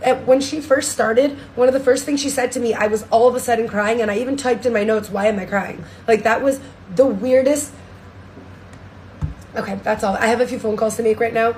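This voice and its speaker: A young woman giving a candid, excitable vlog testimonial, swearing freely as she talks. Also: fairly high pitch, a little fast, a little hiss or hum. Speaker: social media creator.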